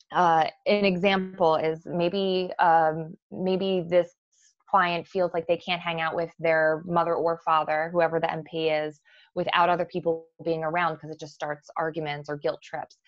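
A woman therapist speaks in a fairly low voice, working through ideas with frequent fillers and restarts. The sound is dry and close, with a slightly muffled, dull quality. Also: flat delivery, moderate pace, dry recording. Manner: explanatory, with many fillers and restarts. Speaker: therapist guest. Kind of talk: professional conversation.

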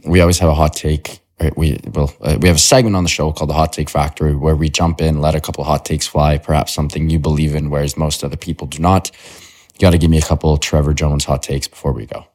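A man's voice: extremely low pitch, flat delivery, fast, a little mellow. A man hosting a podcast, upbeat and chatty as he questions his guest and signs off. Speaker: podcast host. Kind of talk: casual interview and sign-off.

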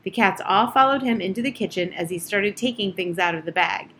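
A woman reading an audiobook chapter aloud in a measured, steady storytelling manner. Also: mid-range voice, slight background noise. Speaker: audiobook narrator. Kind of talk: audiobook narration.

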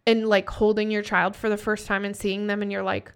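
A woman's voice: medium pitch, little pitch movement, fairly quick, clear, resonant tone. A woman in her thirties, a host and coach, talking candidly and emphatically in a motivational chat, swearing freely. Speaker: podcast host and business coach. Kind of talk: motivational casual talk.

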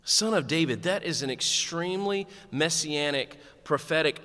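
Pastor guy preaching, bright voice, lots of hall reverb, chatty and jokey. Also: a little high, moderate pace, hardly any pauses. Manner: animated, conversational preaching with humor. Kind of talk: sermon.

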